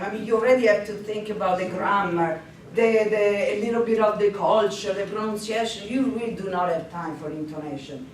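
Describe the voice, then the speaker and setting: A woman language instructor giving a workshop presentation to colleagues, lively, often laughing, with frequent hesitations. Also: medium pitch. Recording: very echoey, distant, faint noise.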